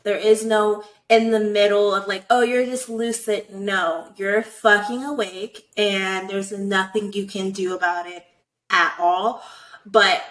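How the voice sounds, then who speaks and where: A young woman telling a personal story in casual chat, animated and profane, full of "like" fillers. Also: medium pitch, slow, a little hiss or hum, rough recording.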